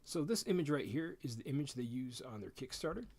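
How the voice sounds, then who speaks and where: Excitable stammering middle-aged man. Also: medium pitch, a little fast, slightly rough. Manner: excitable, stammers and repeats words. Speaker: streamer reviewing a game rulebook. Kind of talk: casual live-stream commentary.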